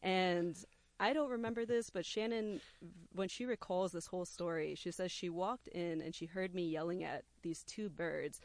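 A young adult telling a personal story to a listener, animated and acting out the quoted voices. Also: mid-range voice, normal speed, dry recording.

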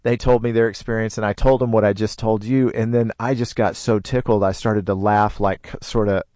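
A man telling a personal story in casual conversation, lively, with sound effects. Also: lowish voice, a little fast, no room sound. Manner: animated, with sound effects and put-on voices in quotes. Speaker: storyteller guest.

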